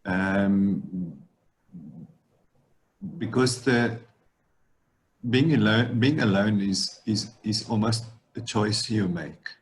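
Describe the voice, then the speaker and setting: A man's voice: fairly low pitch, drawn-out words, long pauses, low-quality recording. A man giving a reflective talk as guest speaker, thoughtful and often restarting his sentences. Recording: faint background noise.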